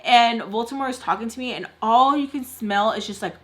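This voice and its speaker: A woman's voice: fairly high pitch, a little fast. A young woman vlogger telling a storytime while doing her makeup, rambling with lots of "like" fillers and dropping in Spanish words. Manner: rambling, heavy "like" fillers, animated retelling. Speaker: beauty vlogger.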